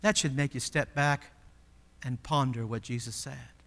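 A male pastor preaching a sermon, emphatic, swinging between loud exclamations and hushed, slowed asides. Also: mid-range voice, fairly even intonation, gravelly, in a large hall.

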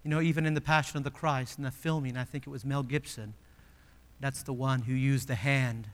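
A male pastor preaching a sermon, emphatic, swinging between loud exclamations and hushed, slowed asides. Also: medium pitch, fairly even intonation, in a large hall.

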